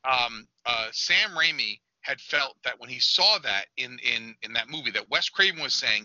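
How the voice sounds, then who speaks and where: A man co-hosting a podcast who jumps into lively tangents and film anecdotes. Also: medium pitch, moderate pace, few pauses, no echo, highs cut off. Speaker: podcast co-host. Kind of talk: casual film discussion.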